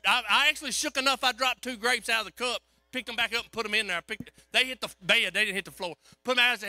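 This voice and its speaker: A man preaches through a story in a folksy, animated way. His voice sits high and rings very bright and forceful. The sound is close and dry. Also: fast talker, hardly any pauses, no echo. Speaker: pastor. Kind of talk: storytelling sermon.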